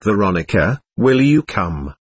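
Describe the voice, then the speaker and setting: A man's voice: lowish voice, very animated, measured pace, husky, full character voice. A man reading the part of a domineering, aloof man chasing occult power, in an intense, persuasive way. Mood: urging. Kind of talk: audiobook reading.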